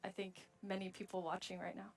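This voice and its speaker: A woman's voice: mid-range voice, little pitch movement, a little fast, gravelly, slight background noise. Upbeat woman hosting a live event. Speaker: event host.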